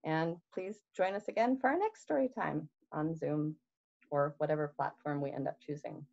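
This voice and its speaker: A woman children's librarian reading a picture book aloud to young children, expressive and sing-song, with gasps and questions to the kids. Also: sits low, moderate pace, vocal fry, highs cut off.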